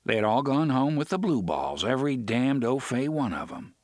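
A man reading an audiobook in a dramatic way, slowing down to stress the grim details. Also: medium pitch, big pitch swings, no room sound, studio quality. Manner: dramatic, with slowed emphasis on dark details. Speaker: audiobook narrator. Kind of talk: scripted audiobook narration.

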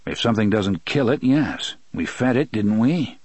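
A man voicing a calm, weathered gunslinger who speaks slowly and tersely. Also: breathy edge, no room sound. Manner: low, slow, measured, dry.

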